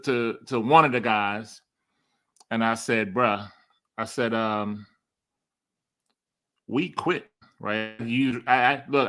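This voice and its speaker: A man, telling a story as a podcast guest and acting out the quoted dialogue with laughs. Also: mid-range voice. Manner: animated, acts out quoted dialogue, laughs often.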